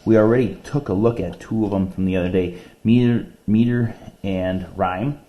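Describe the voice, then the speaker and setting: A man with a lowish, fairly even voice teaches a reading lesson, patiently walking through poems step by step and counting syllables. He reads the poems slowly and deliberately. It's a lo-fi recording of a classroom reading lesson.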